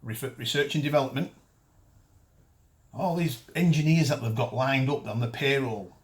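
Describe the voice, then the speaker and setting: A man's voice: medium pitch, normal speed. A man, hosting a detecting show and ranting bluntly to camera. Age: 50s. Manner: blunt, ranting, frequent restarts. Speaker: detecting show host and dealer. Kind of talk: casual chat to camera.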